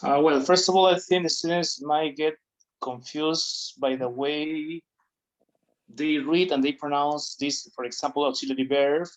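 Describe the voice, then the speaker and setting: A man taking part in an online class, answering hesitantly with pauses and fillers. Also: on the high side, steady tone. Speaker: course participant. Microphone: video call. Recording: dull lo-fi call audio.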